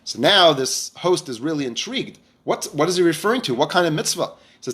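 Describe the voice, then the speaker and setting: A man's voice: a little high, a little fast, few pauses. Man telling a Torah lesson story. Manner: animated storyteller, acts out dialogue, frequent restarts. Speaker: rabbi teacher.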